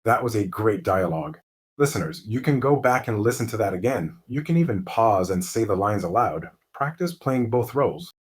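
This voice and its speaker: A man narrating a mystery story slowly and clearly as host of a lesson for English learners. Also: on the low side. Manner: calm, clear, deliberate.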